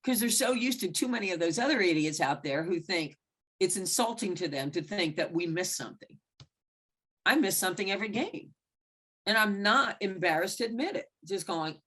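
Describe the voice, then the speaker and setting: A woman's voice: moderate pace, husky. A woman basketball referee telling frank stories in a mentoring talk, acting out the exchanges she recalls. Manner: animated, acts out quoted exchanges with big pitch jumps; blunt and frank, with occasional mild swearing. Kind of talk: candid storytelling in a mentoring talk.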